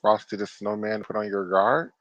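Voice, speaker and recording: A man co-hosting a casual podcast who is blunt and opinionated and swears casually. His voice sits somewhat low. The recording is dry and dull, with a lo-fi edge. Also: steady tone, normal speed, a bit bright, no echo. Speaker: podcast co-host. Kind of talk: casual chat.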